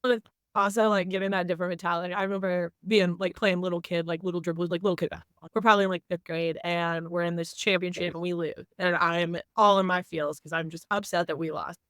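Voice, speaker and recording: Young woman guest, smooth voice, candid storyteller, casual podcast talk. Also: lowish voice, steady tone, fast talker, fairly bright tone, no room sound. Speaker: guest, teacher and coach.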